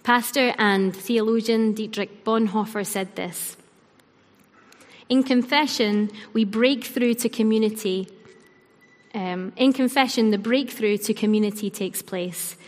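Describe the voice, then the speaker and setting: Woman, preacher, earnest sermon, measured delivery, soft trailing line ends, long hall reverb. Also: on the high side.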